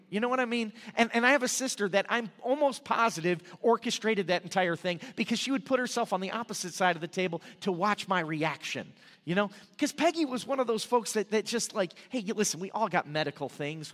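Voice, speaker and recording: A man's voice: sits high, fairly bright tone, big-room sound. A male pastor preaching a sermon in a casual, joking storytelling way, with frequent restarts. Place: church sanctuary.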